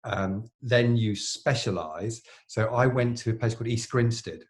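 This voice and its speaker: A man's voice: medium pitch, unhurried. A middle-aged man, a plastic surgeon co-hosting a podcast, telling long anecdotes in casual chat with lots of fillers and restarts.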